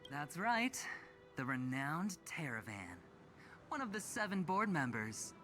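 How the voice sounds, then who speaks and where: Aventurine, a smug young game schemer. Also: male voice, on the high side, big pitch swings, unhurried, sharp tone, soft background music, full character voice. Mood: smug teasing. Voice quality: teasing, self-assured. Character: smug young male corporate gambler.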